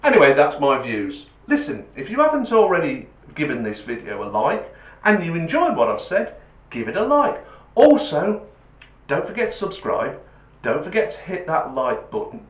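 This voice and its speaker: A man's voice: on the high side, huge pitch swings, normal speed. A man hosting a vlog, talking casually and homely, telling a joke. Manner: chatty, homely, repeats sign-off requests. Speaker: vlogger. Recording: roomy echo.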